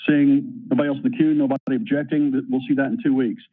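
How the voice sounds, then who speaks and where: A man's voice: medium pitch, level tone, fast, husky. A man chairing a city council committee meeting, running votes and reading agenda items in a rattling list. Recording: tinny phone-like meeting audio.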